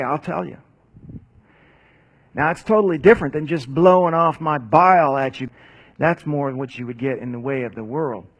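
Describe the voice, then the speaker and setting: A pastor with a voice on the high side and a breathy edge teaches through a Bible passage. His preaching is casual and conversational, sprinkled with rhetorical questions and asides.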